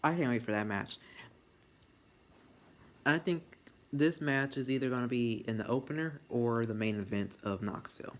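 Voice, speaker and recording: A man giving a casual, rambling wrestling review, getting excited and swearing freely, often restarting his sentences. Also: mid-range voice, moderate pace, pauses often.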